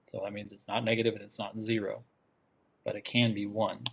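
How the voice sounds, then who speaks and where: Lowish and monotone, this man's voice has vocal fry and a slight roughness, and he talks fairly quickly. In a classroom math lecture he explains step by step, frequently asks "okay?" to check his students are following, questions the class and repeats the key ideas.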